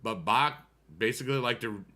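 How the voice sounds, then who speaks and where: Bright-voiced rambling male streamer. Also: mid-range voice, normal speed. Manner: rambling and talkative, chats to viewers while gaming; musical asides, hums tunes. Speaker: livestreamer answering chat. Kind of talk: casual livestream chat.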